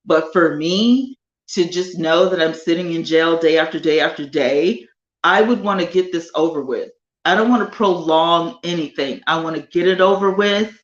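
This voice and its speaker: Woman chatting live w/ her viewers, animated, kinda echoey room, slightly muffled sound. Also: on the low side. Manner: animated, chatty, drawn-out emphasis. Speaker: livestream host. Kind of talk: casual live chat with viewers. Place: home sunroom.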